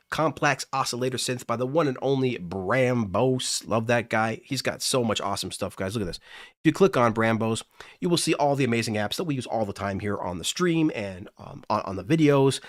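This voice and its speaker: A man's voice: medium pitch, dry recording, clean studio sound. A man hosting a casual livestream, talking enthusiastically and gushing about music apps. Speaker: livestream host.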